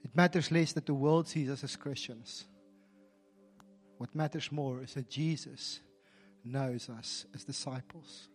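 A man preaching a sermon, telling stories animatedly and swinging from quiet, intimate moments to emphatic passages. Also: medium pitch, steady tone, a little slow, faint music behind. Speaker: pastor.

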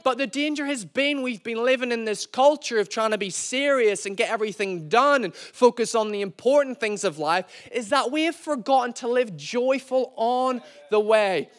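High-voiced man preaching a playful sermon. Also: normal speed, few pauses. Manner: playful, self-deprecating storyteller, calls to the church. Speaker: pastor. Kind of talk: sermon with storytelling.

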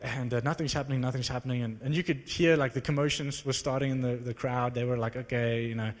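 A man preaching to a live audience, telling a story in an animated, conversational, self-mocking way. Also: mid-range voice, quick pace. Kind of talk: sermon storytelling. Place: large hall with live audience. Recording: long reverb of a large hall.

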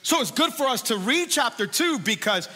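Bright, high-voiced preaching man. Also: moderate pace. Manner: animated, conversational, with rising sung emphasis. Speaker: pastor. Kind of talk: sermon. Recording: echoey hall.

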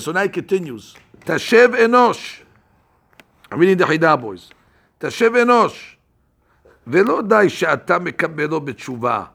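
A man's voice: high-pitched, creaky, breathy edge. A man teaching a Torah class, telling stories and acting out little scenes many restarts. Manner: animated storyteller acting out scenes; frequent restarts and fillers.

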